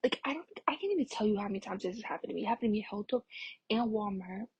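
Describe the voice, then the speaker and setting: Breathy young woman telling a story. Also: mid-range voice, expressive, very fast, darkish tone, no echo. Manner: chatty, many fillers, drops to a whisper at times. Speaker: vlogger. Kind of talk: casual storytime chat.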